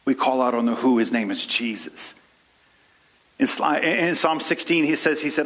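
Impassioned preacher man, slightly high voice. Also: normal speed, husky. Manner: impassioned preaching, swings from low and soft to high and loud; folksy asides to the congregation. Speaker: pastor. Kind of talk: sermon.

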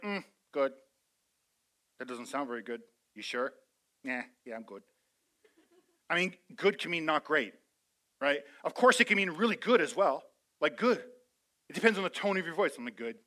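High, bright-voiced fervent preacher man. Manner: energetic, swings from loud fervor to soft intimate asides, joking. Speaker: pastor. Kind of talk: sermon.

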